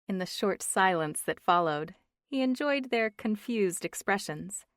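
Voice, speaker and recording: Woman audiobook narrator, measured and even, dry booth sound. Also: mid-range voice, no room sound. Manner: measured, voices characters lightly. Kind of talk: scripted narration. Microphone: close studio mic.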